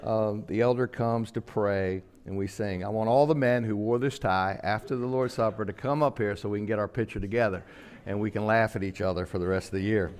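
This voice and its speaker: An older man, a pastor preaching a casual, story-filled Christmas sermon, acting out quotes and slowing for solemn lines. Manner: storytelling, acts out quotes with sudden pitch jumps, slows for solemn lines.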